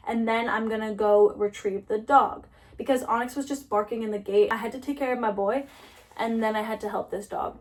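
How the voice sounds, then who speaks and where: Young woman vlogger, fairly high voice, chatty storyteller who acts out quoted voices. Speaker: lifestyle vlogger. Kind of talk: casual storytelling while cleaning.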